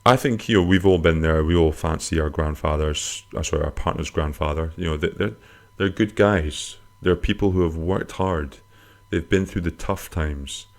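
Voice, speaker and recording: Deep-voiced man rambling crudely. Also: normal speed, few pauses. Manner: rambling, crude, self-mocking humor with sudden high-pitched jokey swings. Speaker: podcast host answering listener questions. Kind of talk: casual comic podcast monologue.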